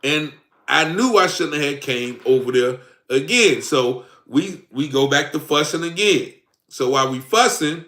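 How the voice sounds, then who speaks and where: A man's voice: a little high, animated, measured pace, bright, forceful tone, roomy sound. A man telling his own story in a rambling, casual way, acting out the lines of both sides of an argument. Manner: rambling, acts out quoted dialogue.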